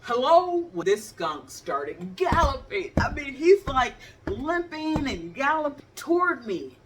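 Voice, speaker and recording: A woman's voice: sits high, sing-song, slow, distant mic, over music. A woman in her fifties, from the Cleveland area, telling funny stories and acting out the scenes while she talks to the viewer. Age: 50s. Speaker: vlogger. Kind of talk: animated comedic storytelling.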